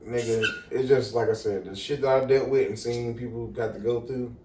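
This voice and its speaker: A young man casually telling a story on a podcast, animated and profane, acting out the people in it. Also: mid-range voice, fairly quick, noisy background. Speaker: podcast co-host. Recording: echoey room, far from the mic.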